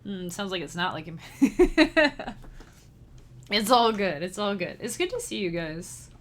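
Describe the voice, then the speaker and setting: A woman's voice: mid-range voice, big pitch swings, unhurried. A woman chatting casually with her live-stream chat as a musician, bubbly and giggly, speaking straight to her viewers. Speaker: livestreamer and chiptune musician.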